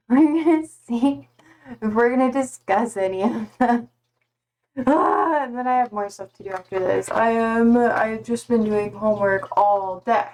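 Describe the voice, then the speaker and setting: A woman's voice: a little high, slow, darkish tone. A young adult woman chatting casually on a live stream from home, loose and a little sweary as she greets viewers by name.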